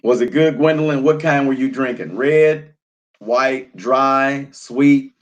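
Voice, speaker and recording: Taking his time, a man in his thirties speaks at a medium pitch while hosting a live stream. He chats loosely over wine, reads viewer comments, and tends to repeat himself and trail away with filler words.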